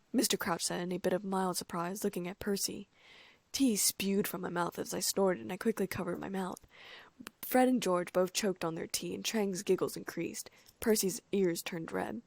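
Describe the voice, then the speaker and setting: A woman reading a fan-fiction audiobook aloud in a brisk, lively first-person storytelling manner. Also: lowish voice, vocal fry, no room sound. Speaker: audiobook narrator.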